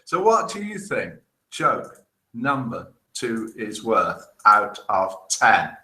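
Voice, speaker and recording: A man's voice: lowish voice, animated, slow pace, bright, forceful tone. Chatty man hosting in an echoey room. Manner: chatty, jokey, laughs at his own jokes. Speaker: host of a live online show. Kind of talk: casual live-stream chat, reading viewer comments and telling jokes. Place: indoor room in Spain. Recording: roomy echo.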